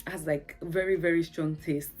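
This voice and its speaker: A woman's voice: sits low, fairly even intonation, normal speed, darkish tone, soft background music. A Nigerian woman vlogging in a casual, chatty, storytelling way, laughing often and saying "like" a lot. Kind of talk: casual chat to camera.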